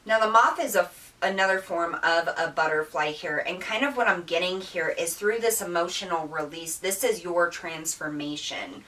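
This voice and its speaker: Woman tarot reader, emotional and earnest, lowish voice, repeats herself. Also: normal speed, few pauses, fairly bright tone, far from the mic, rough recording. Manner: earnest, repetitive, with many fillers and restarts. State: emotional, near tears. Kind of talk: spiritual tarot reading monologue.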